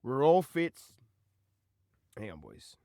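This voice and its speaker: A man's voice: mid-range voice, big pitch swings, slow, warm tone, no room sound, clean studio sound. A young Australian man hosting a call-in podcast, rambling in slang and ending lines with "cuz" and "bro.". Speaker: podcast host. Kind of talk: casual chat answering callers.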